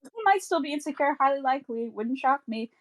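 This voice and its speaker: A woman's voice: high voice, animated, brisk. A woman co-hosting a book club podcast in casual chat, wry and teasing, often trailing off with fillers.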